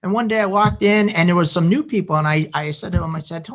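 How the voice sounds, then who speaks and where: A podcast co-host from the Chicago suburbs, USA, talks fast in a high, fairly bright voice with hardly any pauses and slight background noise. In casual conversation he tells a rambling story, often restarting his sentences.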